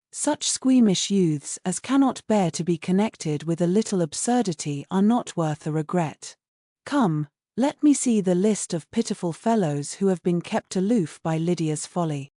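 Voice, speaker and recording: A woman voicing a dry, teasing older gentleman father in a storybook reading, in a mellow tone. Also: sits high, no echo. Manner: wry, mocking.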